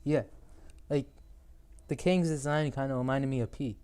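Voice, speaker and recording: Mellow teenage host, rambling. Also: male voice, mid-range voice, moderate pace, clean tone. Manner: rambling, teasing, loses his thread. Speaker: podcast host. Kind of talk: casual chat.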